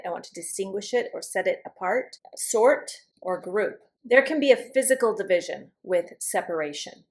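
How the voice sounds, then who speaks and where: Woman, vocabulary teacher, mid-range voice, slow careful pronunciation drills. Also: mid-range voice. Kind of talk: scripted vocabulary lesson.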